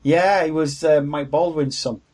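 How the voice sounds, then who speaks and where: A man's voice: a little high, fairly even intonation, unhurried, darkish tone. A man co-hosting a podcast, chatting casually, candid and jokey with blunt opinions. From Wales. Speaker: podcast co-host. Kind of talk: casual chat.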